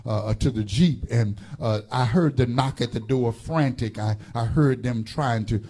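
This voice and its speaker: A man's voice: mid-range voice, normal speed, mellow, slightly rough. A man preaching a sermon as pastor, calling on the congregation to repeat words and telling stories with many fillers and restarts. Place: church.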